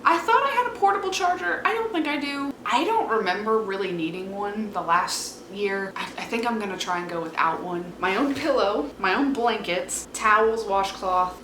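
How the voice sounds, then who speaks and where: A woman's voice: mid-range voice, expressive, moderate pace, few pauses, fairly bright tone. A young woman from Virginia chatting casually to her phone camera in a rambling, self-mocking way. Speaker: vlogger. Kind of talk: casual vlog chat. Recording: echoey room with background noise.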